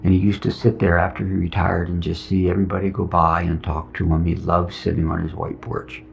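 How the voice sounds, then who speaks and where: Deep and gravelly, this middle-aged veteran's voice moves briskly with lively intonation as he sincerely relates his personal testimony and performs the dialogue. The recording is dull and lo-fi, with soft background music.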